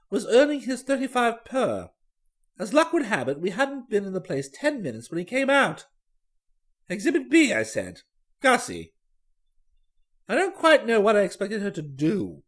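A reader narrating a comic story as a young gentleman, in a dry, wry way. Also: medium pitch. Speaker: audiobook reader.

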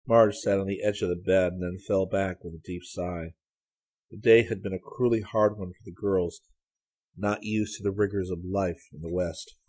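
A man reading a story aloud as an audiobook narrator, in a measured, even storytelling manner. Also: deep voice, breathy edge. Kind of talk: scripted narration.

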